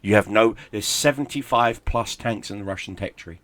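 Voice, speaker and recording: A man's voice: on the low side, normal speed, a bit bright, no room sound. A middle-aged man, a gaming YouTuber, in a heated, profane, sarcastic rant. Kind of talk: angry ranting commentary.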